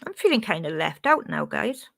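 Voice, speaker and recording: A woman's voice: medium pitch, big pitch swings, normal speed, creaky, fairly bright tone. A woman with a Welsh accent chats casually on her live stream. She talks straight to her viewers, reading out their comments and answering them as they come in. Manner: chatty, reads and answers chat.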